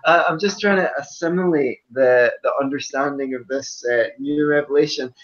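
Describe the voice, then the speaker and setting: A man's voice: medium pitch, moderate pace. Joking Scottish man, lo-fi sound. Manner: joking, theatrical outbursts. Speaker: podcast host. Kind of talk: casual group chat. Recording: dull lo-fi sound.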